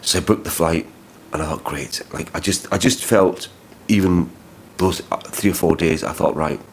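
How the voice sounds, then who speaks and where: A male travel vlogger with a low voice tells his story in a rambling, heated way, swearing and restarting his sentences. Loud street noise and traffic sit behind him. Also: fairly even intonation, moderate pace. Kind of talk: vlog storytelling.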